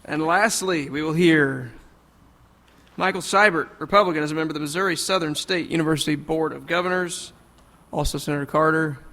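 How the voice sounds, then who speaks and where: A man chairing a legislative committee hearing, moving briskly through procedure with light chuckles. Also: fairly high pitch, bright, forceful tone. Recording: long hall reverb.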